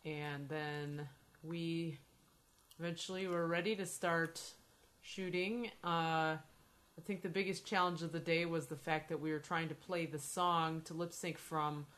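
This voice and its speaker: Low, bright-voiced chatty woman. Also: fairly even intonation, a little slow. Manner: chatty, playful, swears and teases. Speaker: podcast host. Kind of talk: casual chat.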